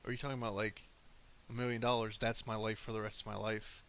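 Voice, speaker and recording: A man chats casually and argues with his live chat, crude and joking. His voice is bright and forceful. A faint hiss runs under the recording. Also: fairly low pitch, flat delivery, fast talker. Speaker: streamer.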